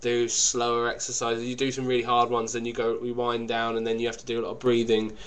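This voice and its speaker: A man's voice: mid-range voice, monotone, fast, fairly bright tone, clean tone. A man co-hosting a podcast, chatting casually in a rambling, crude, jokey way. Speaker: podcast co-host. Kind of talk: casual chat.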